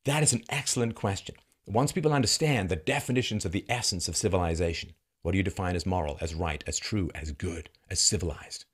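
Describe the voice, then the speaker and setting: A male commentary host giving an emphatic, sarcastic monologue full of rhetorical questions and chuckles, dropping from loud mocking peaks to low, grave tones. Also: brisk, husky. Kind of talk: commentary monologue reacting to a news segment.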